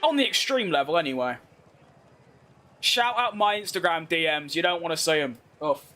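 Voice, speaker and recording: A man with a London accent streaming a racing game, chatting with viewers and yelling excitedly at the race. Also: a little high, moderate pace. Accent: London English. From London, England. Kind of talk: live gameplay commentary and chat.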